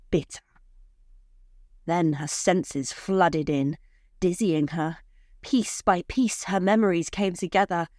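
A woman telling a short story in scripted, measured narration. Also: lowish voice, a little mellow, no echo, clean studio sound.

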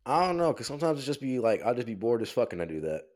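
Rambling young man, mid-pitched. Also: sing-song, very fast, darkish tone. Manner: rambling, hesitant, many filler "like"s. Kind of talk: casual chat.

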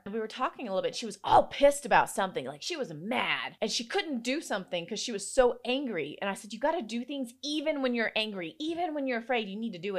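Woman podcaster in her 30s, chatty and open, laughs a lot, mid-pitch voice. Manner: candid, animated, laughs often. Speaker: podcast host. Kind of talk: personal storytelling monologue.

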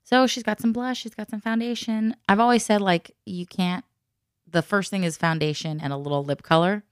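A woman's voice: medium pitch, fairly even intonation, normal speed, clear, resonant tone, no room sound, studio quality. A woman in casual chat who tells stories at length, laughs often and acts out the people she quotes.

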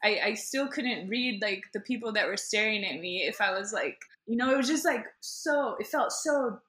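A woman's voice: mid-range voice, normal speed, fairly bright tone. A woman in casual chat, telling a story animatedly, acting out voices and laughing often.

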